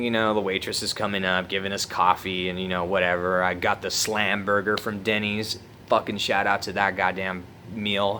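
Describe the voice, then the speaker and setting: A laid-back young man tells a rambling story to camera, cursing freely. His voice sits a little low but comes across bright and forceful. A faint hum of room ambience sits under him. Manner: laid-back, profane, laughs through the story. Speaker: vlogger. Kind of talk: casual storytelling.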